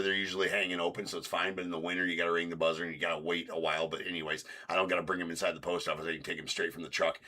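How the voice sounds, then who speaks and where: Male stream host, deep but bright tone, rambling casual storyteller. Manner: rambling, reenacts arguments in raised voice. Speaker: card break host. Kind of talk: casual livestream chat.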